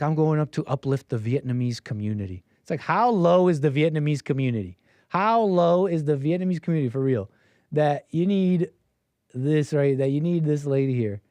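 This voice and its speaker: A man's voice: fairly high pitch, mellow, dry recording. A man hosting a call-in show, riffing in a mocking, rambling way and putting on silly voices to quote people. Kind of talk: casual on-air commentary.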